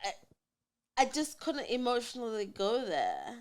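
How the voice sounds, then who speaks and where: A woman's voice: on the high side, huge pitch swings, measured pace. A woman hosting a casual podcast chat, telling a dating story and laughing often. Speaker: podcast host.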